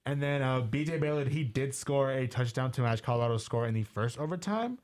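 A man's voice: medium pitch, brisk. A young man co-hosting a casual sports podcast, telling stories with lots of fillers. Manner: lively storyteller with frequent fillers. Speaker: podcast co-host.

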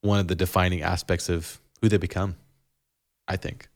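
A man with a lowish voice chats casually as a podcast co-host, talking about his kids. He rambles a bit, restarts his sentences and laughs often. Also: level tone, normal speed. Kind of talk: casual conversation about parenting.

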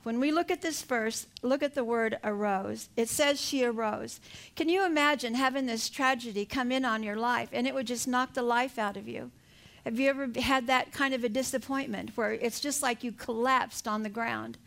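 An older woman preaching an earnest sermon, telling her own story and rising to fervent emphasis. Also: high voice. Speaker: pastor.

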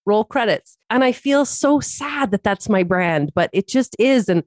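A woman's voice: mid-range voice, animated, unhurried, no room sound, clean studio sound. A woman co-hosting a casual podcast, talking candidly and self-deprecatingly, laughing often and restarting her sentences. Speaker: podcast co-host.

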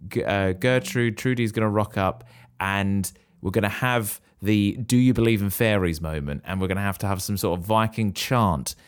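A man, co-hosting a casual chat, excitable and given to wild guesses and sudden high exclamations. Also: moderate pace, clear, resonant tone. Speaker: podcast co-host.

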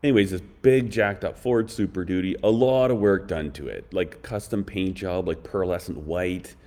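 A man's voice: deep voice, normal speed, darkish tone. A man telling blunt, rambling stories in a casual chat, full of harsh opinions. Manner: rambling, blunt, opinionated, fond of mocking impressions.

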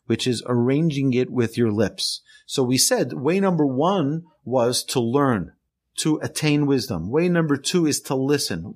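A man, a rabbi, teaching an earnest podcast lesson and telling stories with emphasis. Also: mid-range voice.

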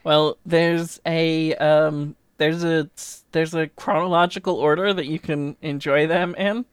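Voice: medium pitch, steady tone, unhurried, smooth, no echo, clean studio sound. A podcast host in casual chat, playful with wry asides to listeners. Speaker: podcast host who edits the show.

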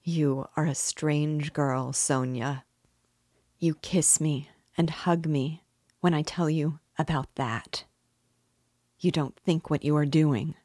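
A woman's voice: low voice, fairly even intonation, slow pace, mellow, dry recording, clean studio sound. A woman reading aloud and voicing a weary, brooding young man who mutters bitterly.

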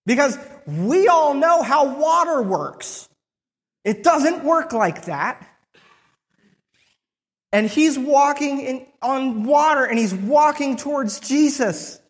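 A preacher retelling a Bible story in the first person, with frequent restarts and pauses. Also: high-pitched, expressive, big-room sound.

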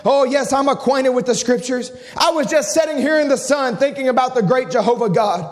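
A man's voice: very high-pitched, brisk, long reverb tail. A man preaching who voices an old blind beggar, pleading and eager, on an archive sermon recording.

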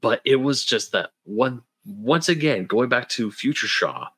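A man co-hosting a casual TV review podcast, often acting out characters' lines in animated voices. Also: mid-range voice, unhurried, slightly rough, no room sound. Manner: acts out quotes in animated voices. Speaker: podcast co-host.

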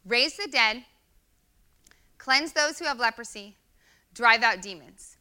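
A woman's voice: fairly high pitch, animated, slow pace, sharp tone, smooth. A woman in her thirties giving an earnest, conversational sermon with many fillers. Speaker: guest speaker.

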